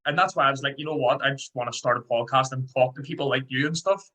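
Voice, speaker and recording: A man with a Scouse accent hosting a podcast, telling stories in a fast, excitable way. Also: medium pitch, poor audio. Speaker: podcast host. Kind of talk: casual interview chat.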